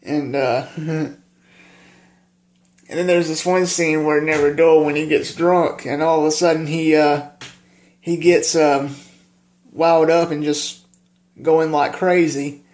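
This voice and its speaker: A man vlogging casually about his favorite film, halting with lots of filler pauses and plainspoken. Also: on the high side, fairly even intonation, a little mellow.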